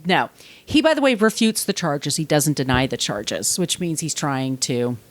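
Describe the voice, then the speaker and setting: A woman's voice: low voice, animated, normal speed, no echo. Blunt, profane woman podcast host. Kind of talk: casual podcast chat.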